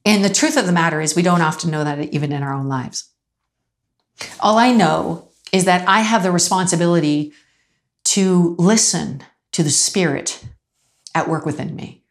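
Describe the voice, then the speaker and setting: A woman delivers a sermon in a loose, conversational storytelling style. Her voice sits a little low, and she jumps up in pitch to act out the people in her anecdotes. She laughs lightly as she goes. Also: normal speed. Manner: animated storytelling, acts out quoted voices, laughs often. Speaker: preacher.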